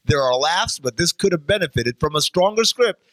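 A man hosts a casual podcast, reading out film reviews in a playful way. His voice sits a little high. The sound is close and dry, with no room around it. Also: expressive, brisk, a bit bright, no room sound. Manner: reads quoted reviews aloud, playful catchphrase. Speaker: podcast host. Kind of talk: casual chat.

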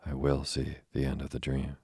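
A man reading aloud, voicing an obstinate learned gentleman who insists on staying. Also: extremely low pitch, completely flat delivery, normal speed, husky, dry recording, clean studio sound, full character voice. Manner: obstinate, crying out.

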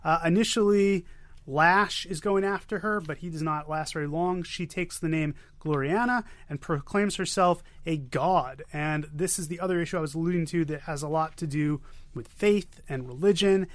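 A man co-hosting a podcast, giving quick, joking, enthusiastic comic recaps into a close mic. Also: on the high side, dry recording. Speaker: podcast co-host. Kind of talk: casual chat about comics.

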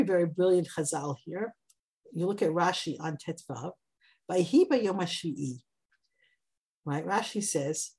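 A woman teaching a Bible class, lively and conversational, jumping up high when she acts out quotes. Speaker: Torah teacher.

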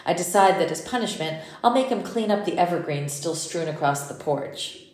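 A woman narrating a first-person audiobook in a measured, intimate way. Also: on the low side, lively intonation, darkish tone. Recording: roomy echo.

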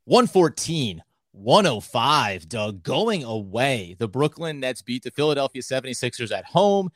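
A man's voice: medium pitch, very animated, unhurried, no room sound, clean studio sound. A man co-hosting a casual sports podcast, with upbeat, hype-style delivery. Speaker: podcast co-host.

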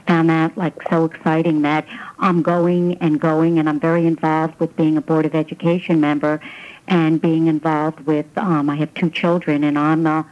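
A woman's voice: deep voice, little pitch movement, normal speed. Eager woman caller on muffled radio. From New Jersey, USA. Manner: chatty and eager, with many restarts. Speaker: caller giving a testimonial. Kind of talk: casual testimonial on a call-in program.

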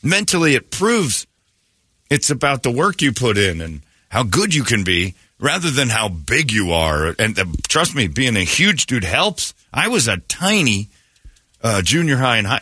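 A man hosting a morning radio show, joking loudly and irreverently with his co-hosts in casual banter. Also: medium pitch, breathy edge, dry recording. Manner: loud, jokey and irreverent, swings into put-on quote voices. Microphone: studio microphone. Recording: dry radio studio.

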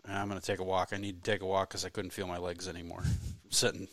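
Deep bright-toned laid-back storyteller man. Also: level tone, quick pace, no echo. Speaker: co-host, hunter. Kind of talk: casual storytelling chat.

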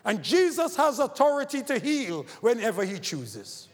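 A man's voice: huge pitch swings, moderate pace, husky. Man preaching in a reverberant hall. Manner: preaching with sweeping rises and falls in pitch and loudness. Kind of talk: sermon.

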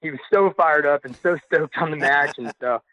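A young adult man calling in to a podcast and telling a story in a casual, excited way with loose slang. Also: on the high side, moderate pace, dry recording. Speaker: podcast caller sharing a story. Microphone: phone call. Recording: tinny phone line, dry.

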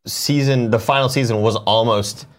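A man's voice: medium pitch, steady tone, moderate pace. A man co-hosting a casual talk show, reading news items and making dry, wry remarks. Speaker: co-host. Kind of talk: casual chat.

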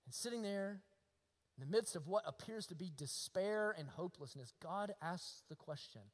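A male pastor preaching a sermon, using rhetorical questions and swinging between hushed and emphatic delivery. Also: high-pitched, animated, moderate pace, in a large hall.

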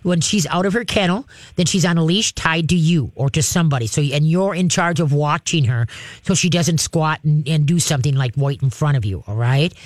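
This dog trainer hosts a call-in radio show about dogs in a fairly high male voice, talking a little fast. He gives homespun, chatty advice and checks in with "okay?" and "all right?" as he goes, in a dry, studio-quality recording.

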